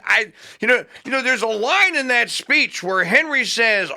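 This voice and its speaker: A man's voice: high-pitched, animated, moderate pace, hardly any pauses, pushed and bright. A man hosting a talk radio show, delivering fired-up, sarcastic commentary and laughing at his own points.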